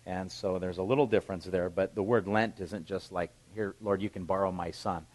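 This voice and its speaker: A middle-aged male pastor preaching a sermon, reading scripture aloud and then explaining it in a relaxed, conversational way. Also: low-pitched, fairly quick, rough recording.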